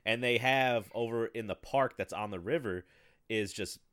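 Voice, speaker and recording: A man in his thirties chatting casually, telling rambling profane stories with bursts of loud laughter. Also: lowish voice, moderate pace, clean tone, no room sound. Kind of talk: casual chat.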